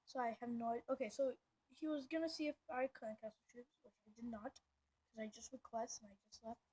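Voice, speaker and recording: A woman giving excitable, rambling gameplay commentary, full of slang and fillers. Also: a little high, fairly quick, slight background noise. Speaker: gameplay video host.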